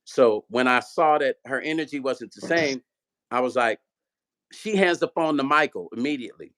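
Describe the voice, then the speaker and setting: A man's voice: mid-range voice, moderate pace. A man hosting his own vlog, telling a long story with lots of acted-out dialogue and swearing. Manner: animated storyteller, acts out quoted dialogue, profane. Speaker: vlog host, musician. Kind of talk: storytelling chat.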